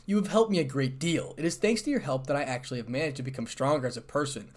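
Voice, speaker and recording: A man's voice: mid-range voice, quick pace, lightly acted. A man voicing a resentful, cold-hearted young man who speaks bluntly and sarcastically in a fan story reading. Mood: bitter blunt.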